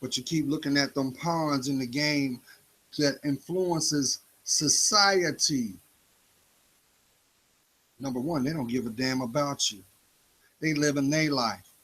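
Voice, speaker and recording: Husky man preaching a motivational monologue. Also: medium pitch, slow pace, long pauses, fairly bright tone, poor audio. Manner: preachy, confrontational, rhetorical questions. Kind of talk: spoken-word motivational monologue.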